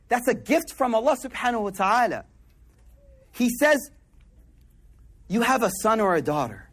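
Guy preaching loose and slangy, high voice, drops low for little asides. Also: husky. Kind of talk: casual sermon.

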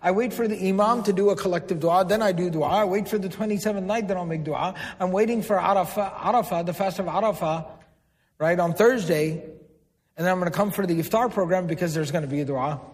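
A man's voice: high-pitched, fast. A man giving a sermon, explaining terms, repeating words for emphasis and putting questions to the audience. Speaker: Islamic preacher. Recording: long hall reverb.

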